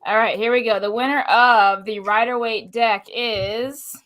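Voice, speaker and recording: Bright-voiced woman host, crude jokes. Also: fairly high pitch, steady tone, measured pace, rough recording. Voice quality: crude joking banter. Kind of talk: casual live-stream chat.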